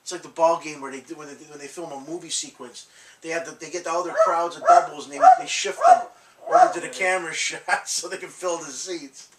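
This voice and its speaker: A man's voice: a little high, expressive, fairly quick, recorded from a distance. A man hosting a collectibles channel, telling rambling stories in casual chat, laughing often and swearing. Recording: echoey room, off-mic, faint noise.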